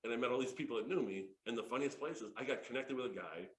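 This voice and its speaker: A man in his fifties presenting a sales workshop, an excitable, jokey storyteller who laughs often. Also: mid-range voice, rapid-fire. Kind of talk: lively workshop talk with stories. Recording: echoey room.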